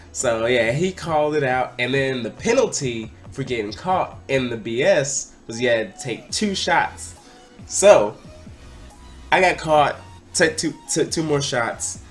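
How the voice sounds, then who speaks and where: Young adult male vlogger, casual excitable storyteller, mid-range pitch, light music bed. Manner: animated, excitable, breaks into loud acted-out quotes.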